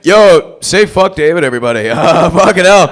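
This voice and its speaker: Stand-up host, man, crude crowd-work, pitch jumping all over on a stage mic. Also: lively intonation, normal speed. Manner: crude, profane, crowd-working banter. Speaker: open mic host comedian. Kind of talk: stand-up comedy hosting. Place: comedy club stage.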